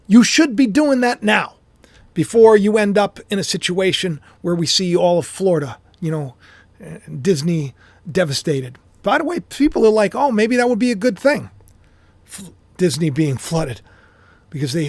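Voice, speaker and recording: Preaching spiritual commentary with great passion to people watching online, a man speaks in a voice that sits high. He drives points home through repetition, veering from shouts to soft asides. The audio has no echo.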